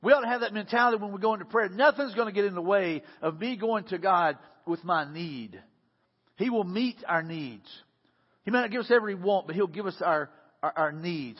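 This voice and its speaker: A man preaching a sermon in a casual, conversational way, repeating words and swinging between loud and hushed delivery. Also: sits high, breathy edge. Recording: dull sound with long reverb.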